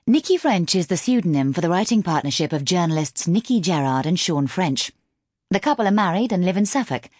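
A woman narrating an audiobook in a measured, expressive storytelling manner, close to a studio mic. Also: on the low side, no echo.

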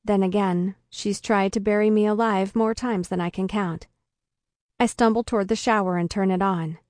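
A woman reading a first-person story aloud in a deadpan comic way. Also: mid-range voice, moderate pace, dry recording, studio quality. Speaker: narrator. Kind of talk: first-person audiobook narration.

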